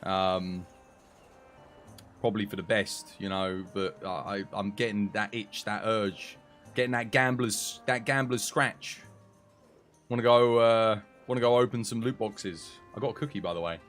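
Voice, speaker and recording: A man's voice: on the low side, fairly even intonation, unhurried, fairly bright tone, faint music behind. A man streaming a game, chatting casually with a dry, sarcastic, rambling manner. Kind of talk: casual live-stream chat.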